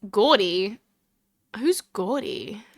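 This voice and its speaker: A woman's voice: medium pitch, expressive, drawn-out words, no echo, clean studio sound, heavily acted. A woman with an Australian accent reading the lines of a puzzled, earnest young male lawyer with questioning delivery.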